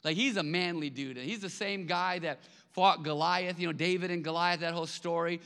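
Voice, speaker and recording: Here the preacher's fairly high voice is steady, bright, smooth and forceful, moving at a brisk clip. He preaches conversationally in a large church hall, repeating words to stress points, under long hall reverb.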